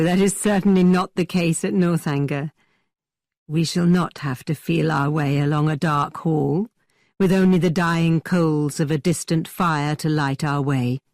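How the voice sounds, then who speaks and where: A woman voicing a teasing young man who tells spooky tales in a dramatically low voice. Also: dry recording, clean studio sound. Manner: dramatically low, hushed storytelling.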